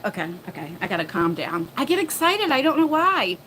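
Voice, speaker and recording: A woman hosting a casual livestream chat from her phone, flustered and chatty as she thinks out loud. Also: on the high side, big pitch swings, brisk, hardly any pauses, slight background noise. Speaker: livestream host. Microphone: phone mic.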